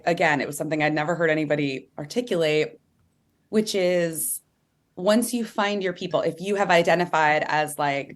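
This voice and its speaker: A woman in her thirties, an author talking candidly as an interview guest, animated and chatty, full of "like"s. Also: deep voice, moderate pace. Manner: animated, chatty, many "like"s, playful voice impressions.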